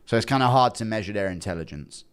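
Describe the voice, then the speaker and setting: Young guy streaming, loud then mumbly, super animated voice. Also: on the low side, quick pace, clear, resonant tone. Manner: excitable, swings between loud bursts and mumbles. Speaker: livestream host. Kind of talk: casual livestream commentary.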